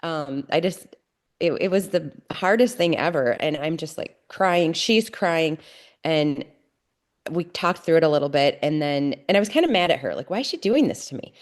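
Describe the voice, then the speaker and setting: A podcast guest in middle age recounts her family story openly. Her voice sits low, and she speaks in an earnest, faltering way with many restarts.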